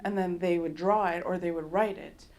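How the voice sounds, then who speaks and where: A woman artist from Canada giving a public talk in a university lecture hall, telling stories in a lively, storytelling way and often laughing. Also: fairly low pitch, moderate pace. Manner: animated storyteller who laughs often and acts out dialogue.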